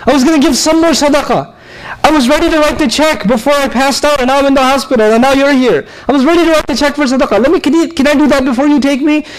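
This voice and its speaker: A fretful dying believer, as a lecturer puts him on, pleads for more time with a high, urgent voice. His words come out rushed and full of regret. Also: low-quality recording. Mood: pleading.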